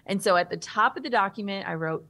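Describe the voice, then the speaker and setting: A woman in her thirties, a guest author in an interview, telling a personal story in a vivid, animated way. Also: mid-range voice, quick pace.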